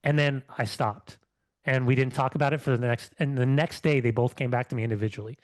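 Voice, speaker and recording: A man's voice: medium pitch, fairly even intonation, a little fast, no room sound. Middle-aged man, ex-athlete co-host, heated ranting chat, dry close sound. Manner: fired-up ranting with restarts. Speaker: podcast co-host, former athlete. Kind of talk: casual podcast chat.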